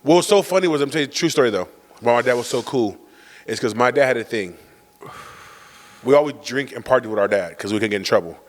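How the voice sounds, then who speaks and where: A man co-hosting a podcast, telling family stories in quick slang and acting out his father's lines. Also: medium pitch, animated, long reverb tail. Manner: rapid slangy banter, acts out his dad. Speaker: podcast co-host. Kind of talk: casual storytelling chat.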